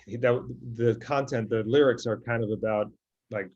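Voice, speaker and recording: This musician and podcast co-host speaks at a moderate pace in a steady, mid-range, slightly mellow voice, recorded with dull audio. He chats casually and keenly about favorite songs, often saying um and restarting.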